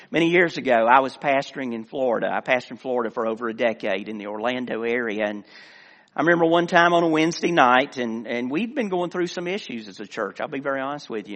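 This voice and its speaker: A middle-aged man, a former pastor, preaching a sermon with earnest emphasis that swells and then drops to quiet asides. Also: a little high. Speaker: director of missions, former pastor. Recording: long hall reverb.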